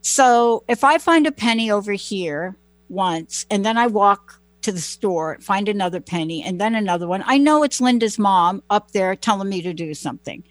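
A woman's voice: medium pitch, lively intonation, moderate pace, no room sound. A woman hosting a talk show, chatting in a rambling, personal, folksy way. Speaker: host. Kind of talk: casual chat.

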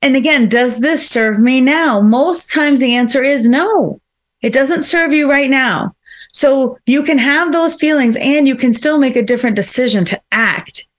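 A woman's voice: sits high, unhurried. A woman co-hosting a talk show, speaking in a reflective, coaching way and acting out quoted voices playfully. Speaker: co-host. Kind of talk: casual podcast chat.

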